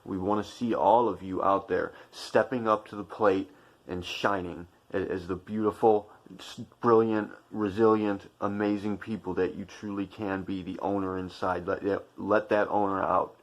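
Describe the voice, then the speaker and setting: Man, deep voice, angry profane commentary rant, lecturing viewers. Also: fairly even intonation, normal speed. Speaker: channel commentator. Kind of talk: heated opinion monologue.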